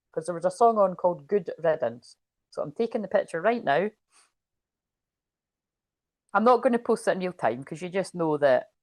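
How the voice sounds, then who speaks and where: A woman's voice: lowish voice, dry recording. Chatty woman, dry close sound. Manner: chatty, swears freely, quotes others in a lively way. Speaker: spiritual reader and livestream host. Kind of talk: rambling casual livestream chat.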